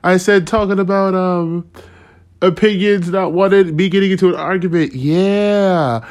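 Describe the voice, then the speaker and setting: A man in his thirties ranting in a casual, profane, rambling way, sarcastic and quick to laugh. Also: high-pitched. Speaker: podcast host. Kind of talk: casual rant.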